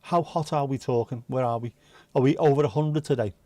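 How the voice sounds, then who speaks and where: Here a male stream host chats casually through viewer comments, rambling and cursing often. The recording is dry and close with no room sound, capturing his mid-range, dark voice at a fairly quick clip.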